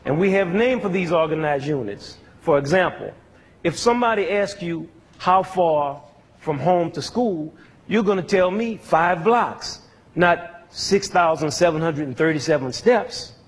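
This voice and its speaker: A man teaching music, his voice a little husky and pitched somewhat higher than most men's. He explains step by step in an educational talk to a young audience and often turns a point into a question for them to answer. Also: lively intonation, unhurried.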